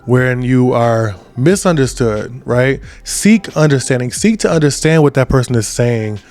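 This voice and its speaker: This twenties-aged male podcast host speaks in an expressive, unhurried, somewhat mellow mid-range voice, keeping his motivational talk conversational and repeatedly asking "right?"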